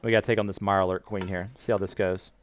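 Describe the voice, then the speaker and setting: A man's voice: sits low, level tone, quick pace, muffled recording. A man casually commenting while he streams a game, chatting playfully and answering his viewers. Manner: chatty, playful, reading chat aloud. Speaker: gameplay streamer.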